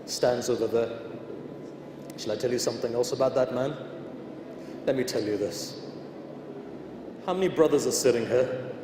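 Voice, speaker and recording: A male preacher with a medium-pitched voice speaks at a moderate pace, leaving long pauses. In an emotional sermon he addresses listeners directly and retells traditions, voicing the people in them through quoted dialogue. Recorded in a large indoor shrine hall, the audio has roomy echo and background noise.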